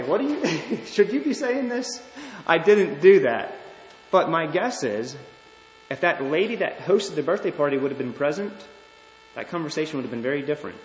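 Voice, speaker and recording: Earnest pastor preaching in an echoey hall. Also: male voice, on the high side, a bit bright, a little hiss or hum. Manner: earnest, deliberate preaching with restarts. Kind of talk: sermon.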